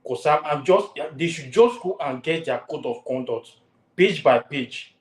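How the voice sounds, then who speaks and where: A man's voice: fairly high pitch, lively intonation, moderate pace, darkish tone, reverberant, low-quality recording. A man hosting a heated talk show, repeating his warnings with force.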